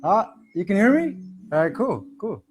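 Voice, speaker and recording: A man's voice: high voice, big pitch swings, normal speed. A man hosting a casual spiritual livestream from home, talking loosely and chatting with his viewers. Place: home, music playing softly behind. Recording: faint music in background.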